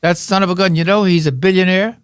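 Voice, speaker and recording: A man's voice: high voice, steady tone, fast talker, smooth, no room sound, studio quality. An older man, a guest on a podcast, telling rambling anecdotes and jokes in a casual way. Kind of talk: casual storytelling. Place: podcast studio.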